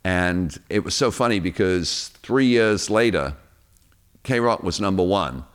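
An English man, a radio DJ guest, telling lively anecdotes in casual chat. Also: sits low, measured pace, clean tone. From England. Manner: lively storyteller, acts out quotes.

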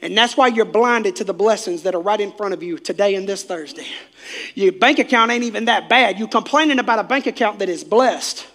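Male pastor, high bright voice, preachy sermon delivery, loud-to-whisper swings. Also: a little fast. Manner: swings from shouting to hushed near-whispers; preachy, direct address to congregation.

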